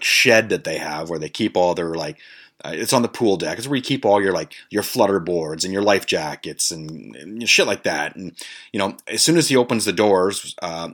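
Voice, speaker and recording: A man's voice: deep voice, a bit bright. A man hosting a podcast, telling a rambling, profanity-laden story in a casual way, full of ums and uhs. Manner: profane, rambling, many fillers. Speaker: podcast host.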